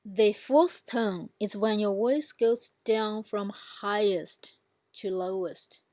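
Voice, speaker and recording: A woman's voice: mid-range voice, takes it slowly, darkish tone, dry recording. A woman language teacher giving a patient instructional explanation and demonstrating example words.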